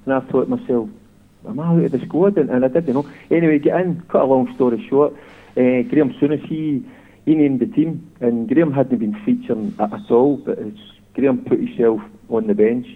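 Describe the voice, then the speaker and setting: A man's voice: mid-range voice, fairly even intonation, fairly quick. A Scottish man in middle age phones in to a radio talk show. He recounts old memories in a reflective, conversational way, and his voice comes through a thin, tinny phone line. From Scotland. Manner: reflective storyteller. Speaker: caller, former footballer. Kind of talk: casual chat.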